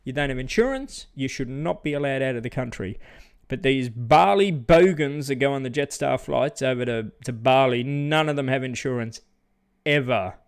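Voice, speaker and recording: A man's voice: medium pitch, normal speed, clean tone. Indignant Australian man ranting. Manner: indignant, ranting with many restarts. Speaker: travel YouTuber answering viewers. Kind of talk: casual live chat.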